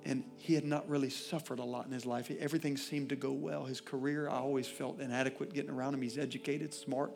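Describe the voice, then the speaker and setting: A male pastor preaching a sermon, swinging from loud, impassioned declarations to quiet, intimate asides. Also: mid-range voice, little pitch movement, quick pace, creaky, few pauses, music in the background.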